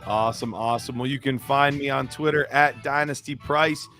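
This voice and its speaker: A man's voice: mid-range voice, steady tone, moderate pace, sharp tone, faint music behind. Loose, chatty male podcast host. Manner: loose, chatty, fumbling through notes while asking questions. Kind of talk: casual sports chat.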